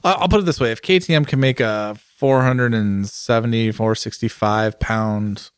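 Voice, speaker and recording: A man's voice: lowish voice, moderate pace, smooth, dry recording. Easygoing podcast guy musing and cracking jokes, dry close sound. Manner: relaxed, musing, jokey. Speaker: podcast co-host. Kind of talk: casual chat.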